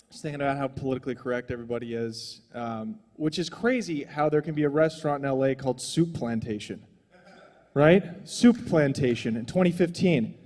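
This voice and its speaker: A man's voice: on the high side, darkish tone, in a large hall. A young adult man doing a stand-up comedy set on a small stage, rambling and profane in a loose, conversational way.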